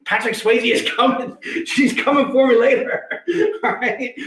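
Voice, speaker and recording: Energetic male livestream host, high-pitched, jokey patter, roomy echo. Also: a little slow. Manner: energetic, joking, repeats "all right". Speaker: livestream host selling comic packs. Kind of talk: casual sales livestream chat. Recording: echoey room.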